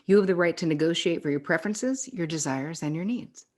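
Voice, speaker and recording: A woman's voice: lowish voice, brisk, a little mellow. A middle-aged woman psychotherapist, a podcast guest, talking bluntly and with swearing, acting out the people she quotes. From New York area. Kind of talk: casual podcast conversation.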